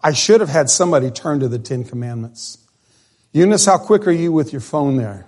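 A man's voice: fairly high pitch, lively intonation, a little fast, a little mellow. A male pastor preaching a conversational sermon in a church, asking the congregation questions as he goes. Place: church sanctuary.

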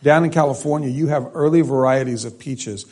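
A man's voice: medium pitch, brisk, a little mellow. A man preaching an expository sermon, reading scripture aloud and then stressing and repeating key phrases, thinking aloud with restarts and asides.

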